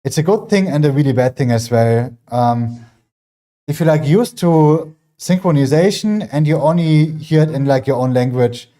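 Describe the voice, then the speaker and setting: A man with a German accent talks loosely to his viewers while he trains in his home gym. He rambles and fills gaps with filler words. His voice sits a little high, with a mellow, warm tone. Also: normal speed. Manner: rambling, many fillers, chatting with viewers between sets. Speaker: fitness livestreamer. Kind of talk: casual chat while working out.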